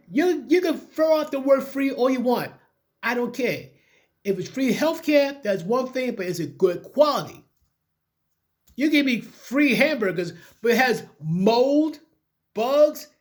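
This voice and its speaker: A man casually reading news articles aloud and breaking off with his own opinionated asides, often stumbling over the words. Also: very high voice.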